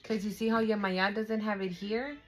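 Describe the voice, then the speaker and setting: A woman's voice: mid-range voice, level tone, normal speed, slight background noise, poor audio. A young woman giving a casual spiritual tarot reading, emphatic, emotional and profane, talking straight to her viewers. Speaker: tarot reader.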